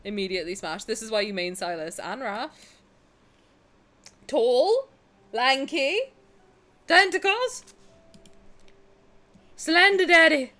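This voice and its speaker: A young woman streamer chatting casually with her viewers on a headset, cheeky and animated, swearing and laughing freely. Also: fairly high pitch. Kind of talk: casual live-stream chat. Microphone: headset with headphones.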